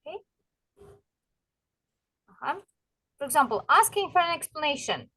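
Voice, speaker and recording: A woman with a Russian accent, a native Russian speaker, teaching an English lesson online. She encourages her students and repeats phrases slowly to model pronunciation. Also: high-pitched, sing-song, pushed and bright.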